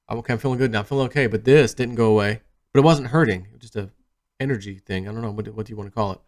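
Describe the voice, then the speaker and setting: A man hosting his own video channel, telling a personal story in a rambling, animated way that often trails off quietly. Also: mid-range voice. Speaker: video host. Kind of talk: casual storytelling monologue.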